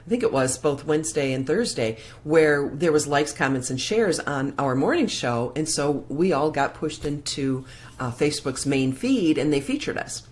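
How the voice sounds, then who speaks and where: A woman's voice: low voice, expressive, moderate pace. A woman hosting a live morning show, talking in a casual, emotional, heartfelt way with many restarts into a plug-in microphone. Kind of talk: casual live-stream chat.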